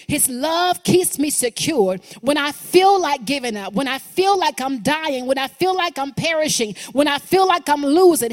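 A woman preaching a sermon, building rhythmic repeated phrases that rise and then drop low for emphasis. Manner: rhythmic repetition, rising and dropping emphasis. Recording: long hall reverb.

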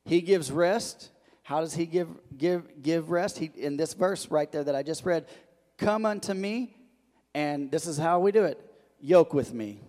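A man preaching a sermon as a pastor, loud on his emphasis and hushed on his quiet lines, often repeating and restarting words. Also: on the high side, a little slow. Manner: animated, swings between loud emphasis and soft hushed lines; frequent repetitions and restarts. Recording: long reverb of a large hall.

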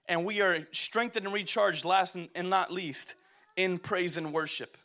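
A young man preaches with a high, bright voice. He exhorts the congregation and throws call-and-response questions at them. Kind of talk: sermon.

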